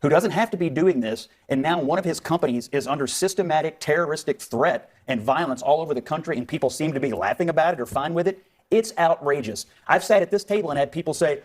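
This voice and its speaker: Fast, combative male TV pundit. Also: a little high. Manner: forceful, combative, talks over others. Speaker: panel commentator. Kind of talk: televised panel debate.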